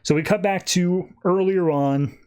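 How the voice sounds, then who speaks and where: A man's voice: high voice, a little slow, a little mellow, smooth. A man hosting a podcast, casually recapping a comic book and slipping into character voices. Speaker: podcast host.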